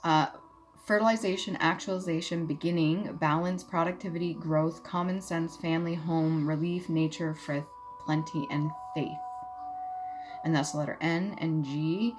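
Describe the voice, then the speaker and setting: Low-voiced woman telling a story over music. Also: fairly even intonation, moderate pace. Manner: candid, blunt, swears freely. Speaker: vlogger. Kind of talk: casual storytelling. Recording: music playing behind.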